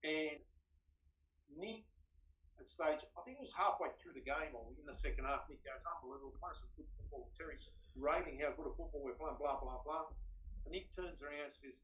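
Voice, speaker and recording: A man's voice: on the high side, brisk. A middle-aged Australian man in a casual interview, animatedly telling stories and acting out the dialogue. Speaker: interview guest, former footballer and club executive. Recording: dull lo-fi sound.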